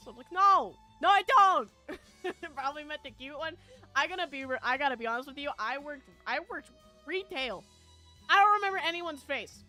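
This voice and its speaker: A chatty woman streamer with a high voice tells a rambling story to her viewers, laughing often and filling gaps with ums and likes. Her tone is bright and sharp, and soft music plays in the background. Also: dry recording. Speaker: VTuber streamer. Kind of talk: casual chat with viewers, storytelling.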